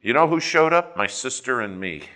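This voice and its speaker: A male preacher tells a personal story during a sermon, animated and swinging between quiet and loud passages. His voice is mid-range and moves at a normal speed.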